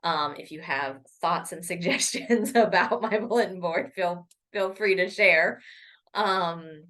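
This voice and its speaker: Talking casually into her laptop's camera from a home room, a poetry vlogger rambles at a measured pace, with plenty of ums and false starts. Her voice is low and a bit bright, picked up by the laptop's built-in mic.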